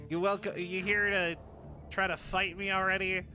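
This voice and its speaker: A man's voice: high voice, little pitch movement, moderate pace, sharp tone. A man streaming a video game, chatting and joking casually with lots of filler words. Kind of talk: casual gaming commentary. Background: game music.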